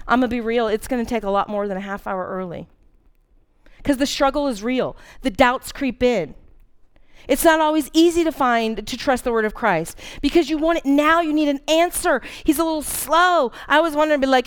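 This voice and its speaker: High, smooth-voiced woman preaching. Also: normal speed. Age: 40s. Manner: earnest, candid storytelling with dramatic emphasis. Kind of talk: sermon.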